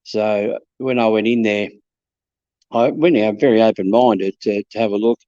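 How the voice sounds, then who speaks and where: A man recounts his investigations in a relaxed, halting way, often doubling up his words and acting out what people said. His voice is dark and mellow. The sound is dry, close and a little dull, as if from a modest mic. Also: lowish voice, no room sound. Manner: hesitant, repeats words, quotes people in his stories. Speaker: paranormal investigator. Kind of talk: casual storytelling chat.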